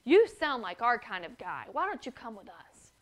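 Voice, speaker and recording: A group of rough, armed men in the woods question a stranger bluntly, voiced by a woman telling a children's story. The voice sits slightly high and stays direct. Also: very animated, moderate pace. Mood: hearty.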